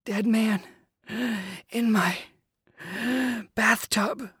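A man voicing a frightened young man with asthma, breathy, gulping and panicked, in a storybook reading. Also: high voice, steady tone, drawn-out words, sharp tone, no echo, studio quality, pitched above the performer's own voice, heavily acted.

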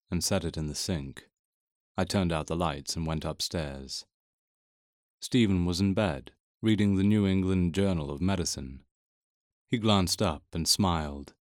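Deep-voiced man reading an audiobook. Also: dry recording, clean studio sound. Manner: measured, intimate first-person telling. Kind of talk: scripted audiobook narration.

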